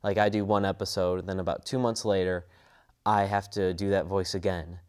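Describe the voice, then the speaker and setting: A man's voice: low-pitched, little pitch movement, moderate pace, darkish tone, clean tone. A young man talking casually in an interview about his work as a voice actor, in an earnest, rambling way. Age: young adult. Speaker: voice actor and student.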